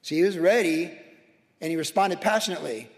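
Fervent high-voiced male preacher. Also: brisk. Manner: fervent, emphatic, piling up repeated phrases. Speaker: pastor. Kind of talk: sermon. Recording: long reverb of a big hall.

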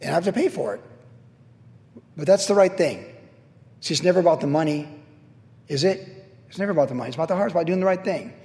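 A middle-aged man preaching a sermon as a pastor, telling a personal story in an animated way, acting out the voices he quotes and laughing at himself. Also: fairly high pitch, rapid-fire, long pauses, big-room sound.

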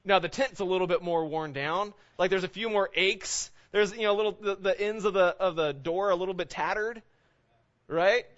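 Thirty-something guy preaching, kinda high voice, chatty with lots of questions, muffled lo-fi recording. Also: normal speed, fairly bright tone. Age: 30s. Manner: conversational preaching, rhetorical questions. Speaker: pastor. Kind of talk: sermon.

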